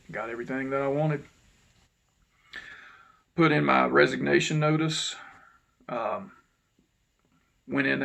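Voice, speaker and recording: A man, telling a personal story to his channel's viewers in an unhurried, reflective way that sometimes drops to a low mutter. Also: gravelly, fairly bright tone. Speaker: channel host. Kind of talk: casual storytelling monologue.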